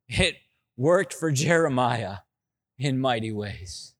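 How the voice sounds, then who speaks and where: Male pastor, middle-aged, unhurried sermon delivery, mid-pitched voice, storytelling that jumps from loud excitement to hushed asides. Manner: storytelling, swings from loud excited bursts to soft low asides.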